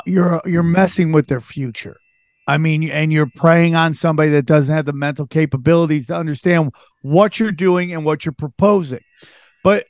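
A man hosting a podcast speaks in an earnest, halting way and restarts often. His voice sits a little higher than most men's. The sound is close and dry, with no room echo. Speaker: podcast host. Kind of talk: casual chat.

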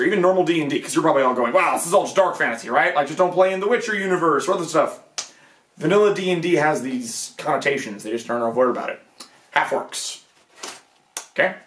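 A man's voice: mid-range voice, fairly bright tone, roomy sound. A man hosting his channel, talking through a casual monologue and peppering it with rhetorical questions and "okay?" asides. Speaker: video essay host. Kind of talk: casual monologue on fantasy gaming.

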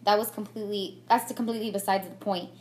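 Speaking quickly with fairly even intonation, this young woman has a mid-range, darkish voice. As a beauty vlogger doing a get-ready-with-me chat on a tripod-mounted camera mic, she's candid and reflective, with frequent fillers and restarts.

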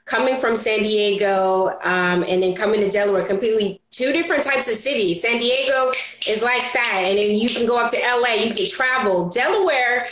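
A high-pitched woman speaking as an interview guest, lively and expressive, often slipping into playful voices for the people she quotes. Her voice carries a roomy echo. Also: a little fast. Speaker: entrepreneur guest. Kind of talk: animated storytelling interview.

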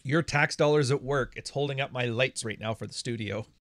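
A man's voice: mid-range voice, fairly quick, a bit bright, no room sound, clean studio sound. Blunt, profane man hosting a show. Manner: blunt, profane, laughs often. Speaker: podcast host. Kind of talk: casual monologue to viewers. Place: home studio.

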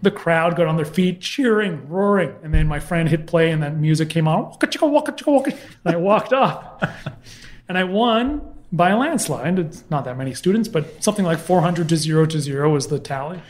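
This guest, a comedy historian, speaks at normal speed in a slightly high male voice. He livens up a story in a casual interview by mimicking the voices of the people involved.

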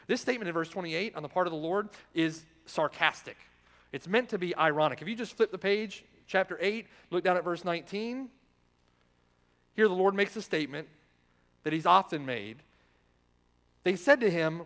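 A man preaching a sermon as pastor, firing rhetorical questions and swinging between loud emphasis and hushed lines. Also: high voice, lively intonation, moderate pace. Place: church sanctuary. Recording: long reverb of a church hall.

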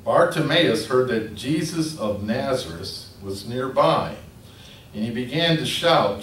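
A man preaching a sermon, telling the story in a lively storytelling manner. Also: medium pitch, measured pace. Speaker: pastor. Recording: echoey room from a distance, faint noise.

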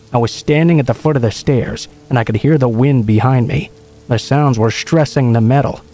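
Dark-voiced man narrating a horror story. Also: medium pitch. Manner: steady, measured storytelling. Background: faint music and rain.

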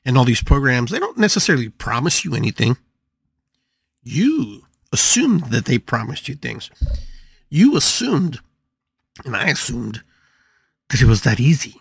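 An older man hosts a live podcast monologue with an animated delivery. He repeats his phrases and his voice swings up and down, recorded dry and close with no room echo. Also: mid-range voice, normal speed, creaky, long pauses, slightly rough. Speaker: podcast host and shamanic healer.

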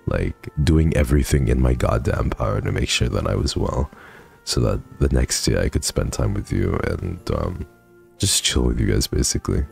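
A man's voice: a bass voice, expressive, normal speed, gravelly, soft background music. A man streaming from home, chatting casually and thanking viewers, sleepy and swearing freely. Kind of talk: casual chat reading donations.

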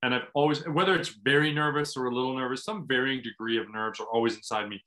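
A man's voice: medium pitch, fairly even intonation, fast talker, pushed and bright. A man, a former pro volleyball player, earnestly explaining mental training to athletes in a conversation over a video call. He often restarts his phrases. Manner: earnest, restarts phrases, acts out inner self-talk.

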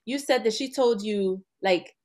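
A woman hosting an interview who listens closely and guides her guest with gentle questions. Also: mid-range voice, a little slow. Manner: attentive, gently guiding questions. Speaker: host. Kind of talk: interview conversation.

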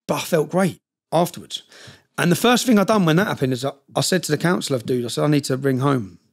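A man's voice: fairly high pitch, fast talker. A middle-aged man telling personal stories as a podcast guest, emotional and blunt, swearing often. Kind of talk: candid personal storytelling.

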